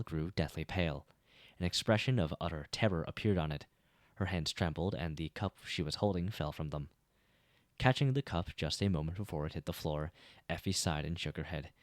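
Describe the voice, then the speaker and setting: A man narrating a web novel as an audiobook reader, measured and even. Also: sits low, dry recording, studio quality.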